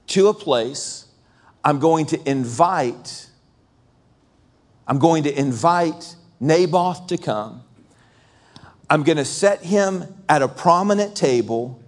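A man voicing a calculating queen who calmly lays out a plot. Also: on the high side. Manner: plotting, matter-of-fact. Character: scheming queen, cold and calculating.

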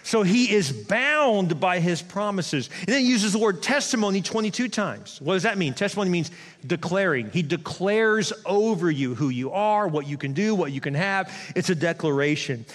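A man preaching a sermon as pastor, animated and conversational, with quick asides to the congregation. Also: sits high. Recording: long hall reverb.

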